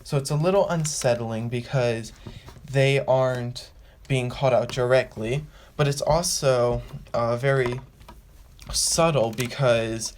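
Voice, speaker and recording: A man's voice: mid-range voice, a little slow, slight background noise. A man hosting a casual fan explainer, rambling and restarting, and repeating phrases as he works through his point. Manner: acts out quoted lines with a raised voice. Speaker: fan video host.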